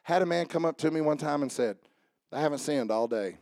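A man preaching a sermon. He jokes with the congregation and swings from soft asides to raised calls. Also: fairly high pitch, brisk, no echo, studio quality. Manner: joking with the congregation. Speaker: pastor. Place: church service with instrument behind.

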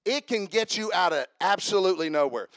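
Lively higher-voiced male pastor preaching. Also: fairly quick, dry recording, clean studio sound. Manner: lively, interactive, calls on the congregation. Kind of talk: sermon. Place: church.

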